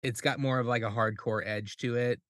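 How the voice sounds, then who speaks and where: A man's voice: medium pitch, fairly even intonation, fairly quick, fairly bright tone, no echo, studio quality. A man from the Midwest US, a guest musician on a casual podcast, rambling with lots of filler words and swearing.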